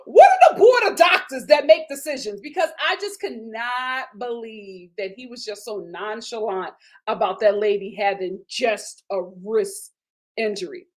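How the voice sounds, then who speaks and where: Animated woman recapping reality TV. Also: measured pace. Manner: animated and indignant, voice jumps high in outrage; casual, with fillers and slang. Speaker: host. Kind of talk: live TV recap commentary.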